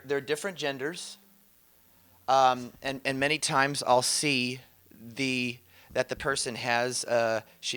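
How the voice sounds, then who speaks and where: A man teaching about inner healing in a casual, conversational way, telling animated stories and laughing often. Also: medium pitch. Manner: animated storytelling, quotes others, laughs often.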